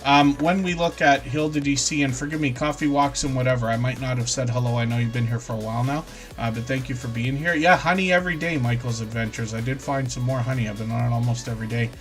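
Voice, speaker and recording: Man, live stream host, lingering cough, chatty, apologetic, middle pitch, soft music underneath. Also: steady tone, fast. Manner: chatty, apologetic, says pardon me often. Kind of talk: casual live stream chat.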